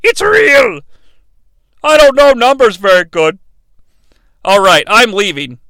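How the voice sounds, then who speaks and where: A man hosting a comedic wrestling podcast, ranting sarcastically with animated delivery and the odd shout for emphasis. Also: sits high, a little slow, clear, resonant tone, dry recording. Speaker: podcast host.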